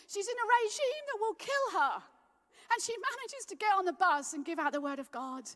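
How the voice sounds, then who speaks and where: Lively high-voiced woman preaching. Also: moderate pace, in a large hall. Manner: lively storytelling, rousing and heartfelt. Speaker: guest preacher. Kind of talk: sermon.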